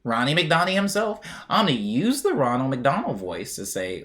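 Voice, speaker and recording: A man's voice: mid-range voice, wildly swooping pitch, moderate pace, fairly bright tone. A young man streaming live, reading chat aloud and rambling in a chatty, jokey way. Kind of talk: casual chat.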